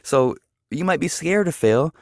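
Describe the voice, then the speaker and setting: A man's voice: on the high side, expressive, a little slow, vocal fry, dry recording, studio quality. A man vlogging in a casual, rambling, earnest way, full of fillers as he gives a motivational talk.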